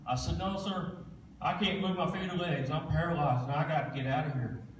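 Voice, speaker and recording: Speaking a bit quickly in a steady, fairly high tone, a man in his 40s shares a plain-spoken testimony as a guest speaker at a church service, with folksy Southern turns of phrase. The distant microphone picks up the echoey sanctuary and a faint hiss or hum.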